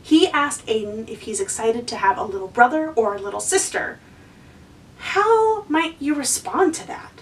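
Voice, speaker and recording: A woman's voice: fairly high pitch, sing-song, normal speed, distant mic, low-quality recording. A woman hosting a lesson for kids, encouraging and asking the viewer questions. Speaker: children's educator and host.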